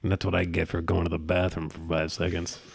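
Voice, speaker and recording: A man in his thirties co-hosting a casual chat, profane and animated as he tells stories. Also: low-pitched, fast talker, gravelly, a crowd in the background.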